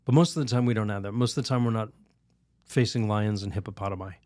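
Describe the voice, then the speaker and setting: A man, a priest on a podcast, telling a story and teaching in a lively, rambling way. He laughs often and restarts his sentences. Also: lowish voice, fast, dry recording, clean studio sound. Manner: animated, laughs while telling stories; rambling restarts, many "you know"s. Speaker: Catholic priest, podcast guest.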